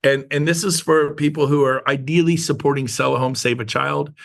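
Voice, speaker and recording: A gravelly, fairly high-voiced man delivers a motivational talk to his team in a meeting room. He is emphatic and repeats his lines, drawing them out slowly when he wants a point to land. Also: steady tone. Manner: emphatic and repetitive, slows down to stress points. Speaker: real estate team leader. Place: meeting room with a live audience.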